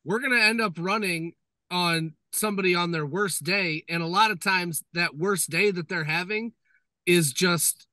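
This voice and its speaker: High, piercing-voiced firefighter podcast man. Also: moderate pace, bright, forceful tone, dry recording. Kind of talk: casual chat.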